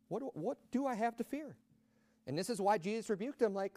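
Man, preacher, high voice, conversational sermon with emphatic peaks, dry sound. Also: expressive, fairly quick, dark tone, no room sound.

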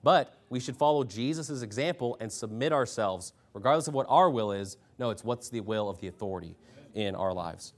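A man preaching a sermon as pastor, forceful, rising loud when he reads scripture, and clearing his throat often. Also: medium pitch, expressive, brisk.

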